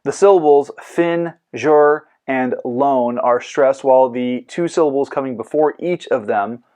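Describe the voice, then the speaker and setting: A man's voice: mid-range voice, measured pace, warm tone. Man hosting a scripted poetry lesson. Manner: clear lecturing with goofy comic asides. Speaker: host. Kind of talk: scripted educational podcast.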